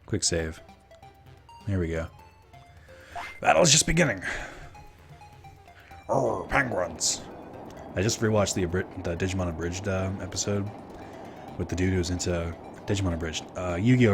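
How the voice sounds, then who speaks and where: A fairly low-voiced man from Minnesota streaming a video game. He gives loose, profane commentary and laughs as he chats with his viewers. Faint game music plays in the background. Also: fairly even intonation, moderate pace, long pauses, darkish tone. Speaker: let's play streamer. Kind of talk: casual gameplay commentary.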